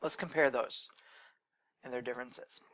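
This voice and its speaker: A man teaching a recorded lecture, explaining in a measured way and correcting his own slips as he goes. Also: mid-range voice, steady tone, pushed and bright, lo-fi sound.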